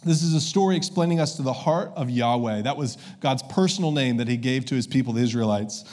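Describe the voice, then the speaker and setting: A man's voice: mid-range voice, brisk, darkish tone. A man preaching as pastor, conversational and easygoing, with frequent filler sounds and restarts. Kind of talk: sermon.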